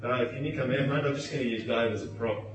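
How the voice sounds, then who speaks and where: Man, preacher, sermon, animated, playful, echoey church hall, distant mic. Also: mid-range voice, fast. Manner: animated, playful, acts out quotes with voices.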